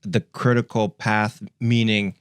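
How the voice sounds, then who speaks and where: Relaxed producer sidekick, lowish voice, dry close mic, easy explaining. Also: male voice, takes it slowly, clean tone, dry recording. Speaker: podcast producer and co-host. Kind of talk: casual podcast chat.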